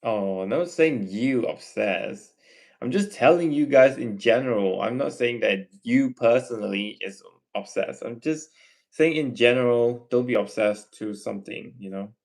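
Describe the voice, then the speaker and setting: A man with a Malaysian English accent, reading chat messages aloud on his livestream and answering them in a gently lecturing way. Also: medium pitch, unhurried, creaky. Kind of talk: casual live chat Q&A.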